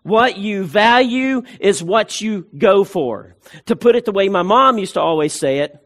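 High-voiced emphatic male preacher. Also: animated, measured pace, a bit bright. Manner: emphatic, repeats key phrases, frequent restarts. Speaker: pastor. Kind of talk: sermon.

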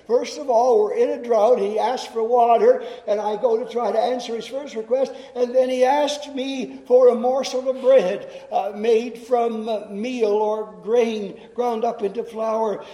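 A man's voice: extremely high pitch, steady tone, measured pace, hardly any pauses, dark tone. A man doing a fed-up poor widow. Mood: exasperated. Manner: complaining, incredulous. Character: exasperated poor widow woman, weary and put-upon. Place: chapel hall. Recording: echoey chapel hall.

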